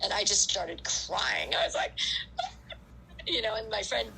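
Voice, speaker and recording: Bright-voiced woman telling a lively story. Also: mid-range voice, moderate pace, gravelly, slight background noise, low-quality recording. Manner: animated storyteller, acts out quoted voices, frequent "like". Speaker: guest ultrarunner. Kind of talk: casual storytelling interview.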